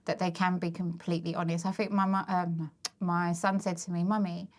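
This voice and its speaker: A woman in her thirties, a guest on a podcast, speaking candidly and thoughtfully in a relaxed chat. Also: fairly low pitch, a little fast. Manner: candid and reflective, with many fillers and restarts. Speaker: guest, working mother and business owner. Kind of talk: casual chat.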